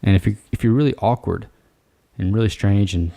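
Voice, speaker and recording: A man hosts a solo advice podcast, speaking low with a gravelly edge. His tone is mellow and relaxed, direct and coaching rather than formal. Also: brisk. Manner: casual, direct, coaching tone with frequent "all right". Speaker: podcast host.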